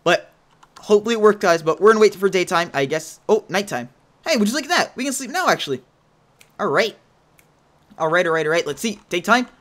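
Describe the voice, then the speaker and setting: A man hosting a video game let's play, chatting to viewers and breaking into panicky yelling when things go wrong, speaking into a headset mic. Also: sits high, fairly quick, long pauses. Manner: excitable, panicky yelling under pressure. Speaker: gaming channel host.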